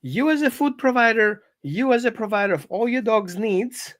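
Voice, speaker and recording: A dog trainer gives an informal live-stream lesson from home. The delivery is animated and conversational, with a coaching tone that keeps asking the listener to follow along. The voice sits at a middle pitch. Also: moderate pace, no room sound, studio quality.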